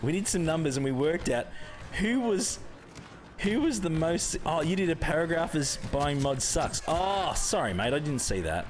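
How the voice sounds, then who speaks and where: A man's voice: fairly high pitch, big pitch swings, normal speed. A young Australian man hosting a live gaming stream, chatting casually with viewers, greeting them by name and laughing often.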